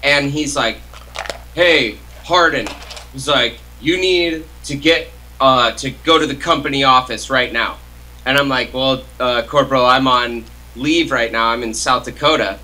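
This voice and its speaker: A man's voice: mid-range voice, moderate pace, bright, forceful tone, rough recording. A young man co-hosting a casual chat, telling a rambling story packed with "like" and "uh" fillers. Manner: rambling, heavy use of "like" and "uh" fillers. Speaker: co-host.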